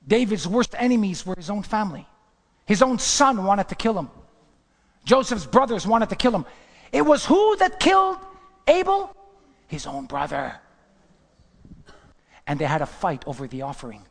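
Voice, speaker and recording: A male preacher giving an impassioned sermon, swinging from hushed whispers to loud outbursts. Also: sits high, expressive, normal speed, creaky, long pauses, long reverb tail.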